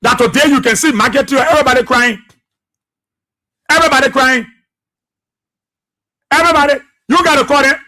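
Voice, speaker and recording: A man's voice: extremely high pitch, steady tone, moderate pace, pauses often, bright, forceful tone. A man with a Liberian English accent, hosting a talk radio show and delivering fiery, repetitive political commentary.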